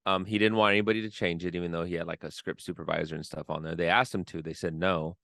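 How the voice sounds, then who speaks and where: Low-voiced man, dry close podcast sound. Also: quick pace, vocal fry, dry recording. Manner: relaxed storytelling with frequent fillers. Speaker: podcast co-host. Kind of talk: casual podcast chat.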